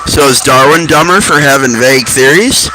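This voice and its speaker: A man's voice: medium pitch, moderate pace, low-quality recording. A man casually telling rambling stories and musing aloud, offhand and profane. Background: music.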